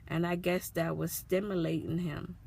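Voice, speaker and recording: Mom vlogging about her kid, low gravelly voice, earnest and repetitive. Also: flat delivery, normal speed, mellow, slight background noise. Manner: earnest, repetitive, emotional retelling. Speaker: mother telling her son's story. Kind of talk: personal vlog storytelling.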